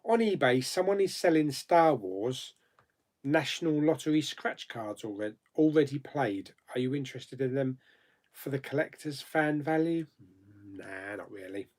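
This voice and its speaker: A man's voice: medium pitch, lively intonation, measured pace, darkish tone. A man hosting a casual live chat, reading viewer comments aloud and answering them with frequent laughs. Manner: chatty, laughs often, reads comments aloud then answers. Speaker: YouTube host.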